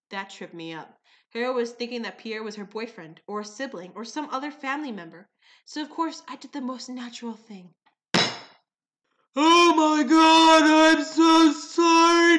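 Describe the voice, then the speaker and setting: A woman's voice: medium pitch, a bit bright. A woman vlogger telling funny everyday stories in a theatrical, wry, playful way. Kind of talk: comic storytelling vlog.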